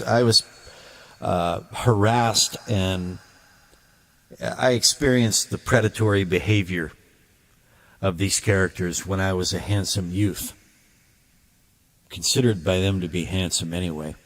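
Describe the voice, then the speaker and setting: A man's voice: low-pitched, unhurried, pauses often, a bit bright. A man speaking a blunt, emphatic ranting monologue to his viewer as a video creator.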